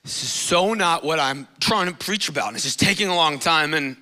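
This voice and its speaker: A man's voice: on the high side, a little fast, pushed and bright. A man in his thirties preaching a sermon in a church, emotional and rambling, getting tearful at times. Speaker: guest preacher. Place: church stage.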